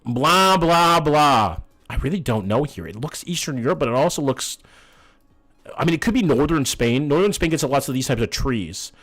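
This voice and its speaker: A man's voice: medium pitch, expressive, fairly quick. A young man, casually chatting and swearing while playing a map-guessing game on a live stream and greeting his chat.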